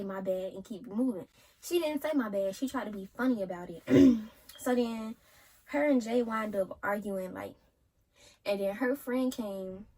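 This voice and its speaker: A young woman telling a storytime in a casual, animated way and acting out what people said. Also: mid-range voice, husky. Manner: animated retelling, acts out quotes, yells some lines. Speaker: vlogger.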